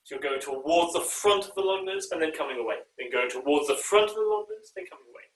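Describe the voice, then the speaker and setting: A man directing an online choir rehearsal, often pausing with ums and uhs and singing short bits of the music to show how a phrase should go. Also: fairly high pitch, expressive. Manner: demonstrates phrases by singing and speaking them; hesitant, with frequent ums and uhs. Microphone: video call. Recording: echoey room, far from the mic.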